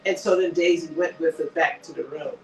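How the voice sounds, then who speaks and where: A man hosting a casual TV recap chat, animated and acting out characters' lines as he retells scenes. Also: fairly high pitch, brisk, creaky, soft background music. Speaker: show host. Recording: echoey room, distant mic.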